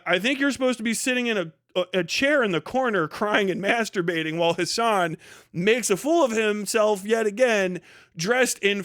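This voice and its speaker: High-voiced man streamer, clean and smooth, delivering a sarcastic profane rant. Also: fairly bright tone, dry recording, clean studio sound. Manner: fast bursts and sudden drawn-out words. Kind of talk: livestream rant.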